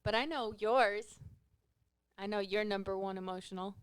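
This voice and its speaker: A woman's voice: mid-range voice, moderate pace, clean tone. A young woman guesting on a podcast, chatting casually and laughing along. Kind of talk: casual chat.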